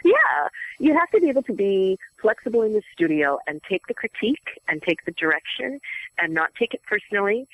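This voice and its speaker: A woman voice actress, a guest on an interview show, telling stories in a chatty, animated way and laughing easily. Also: medium pitch, brisk, rough recording. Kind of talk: casual interview storytelling.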